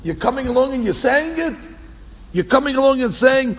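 High gravelly-voiced man teaching a class. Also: slow, pauses often. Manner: animated, repeats phrases for emphasis, mixes in Hebrew quotes. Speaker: Torah teacher. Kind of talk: Torah class lecture. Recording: echoey hall, dull lo-fi sound with faint background hum.

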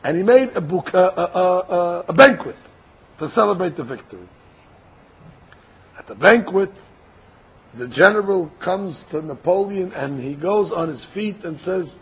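A man with a high, gravelly and very raspy voice tells a sermon story with lively energy. He acts out the characters' lines as he goes. The recording is dull and lo-fi. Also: unhurried, long pauses. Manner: animated storytelling, acts out dialogue, repeats phrases.

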